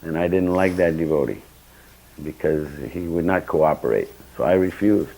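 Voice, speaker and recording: A man's voice: deep voice, steady tone, fast, a little mellow, rough recording. An older man giving a temple scripture class, telling personal stories and acting out the dialogue with sudden bursts of emphasis. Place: temple hall.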